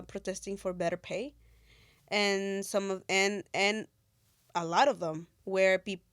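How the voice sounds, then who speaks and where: Relaxed young woman podcast co-host. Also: medium pitch, dry recording, studio quality. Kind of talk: casual chat.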